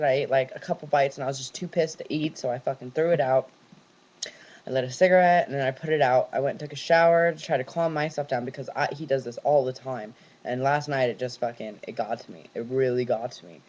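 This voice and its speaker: A man's voice: a little high, highs cut off. A young man from California venting in a personal vlog, swearing heavily and talking in long run-on stories. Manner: ranting, heavy swearing, run-on storytelling. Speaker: vlogger.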